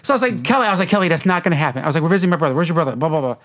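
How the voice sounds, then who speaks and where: His voice runs on the high side, a bit bright, very animated and rapid-fire. The Detroit, Michigan native co-hosts a podcast, spinning rambling, profane stories in casual conversation and laughing as he talks.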